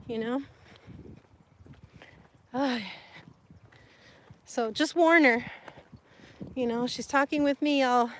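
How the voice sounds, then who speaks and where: A woman from Sonora chatting casually with live viewers, animated and quick to laugh. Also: sits high, a little hiss or hum, rough recording. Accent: Sonoran Spanish influence. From Mexico (Sonora). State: hot and sweating. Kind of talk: casual live-stream chat.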